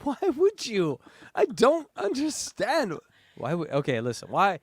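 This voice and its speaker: A man co-hosting a podcast in crude casual banter, loud and laughing as he rants. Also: sits high, measured pace, breathy edge, no echo, clean studio sound. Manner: loud, laughing, animated ranting. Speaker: podcast co-host.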